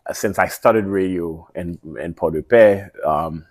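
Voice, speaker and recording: Deep-voiced Haitian man, chatty. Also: a little slow, dry recording, clean studio sound. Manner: hesitant, restarts with many ums. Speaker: guest, media host. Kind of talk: casual interview.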